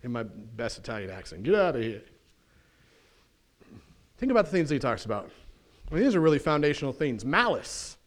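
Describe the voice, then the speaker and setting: This medium-pitched male pastor preaches in his church animatedly and folksily. Slang and quick side remarks pop up throughout the sermon.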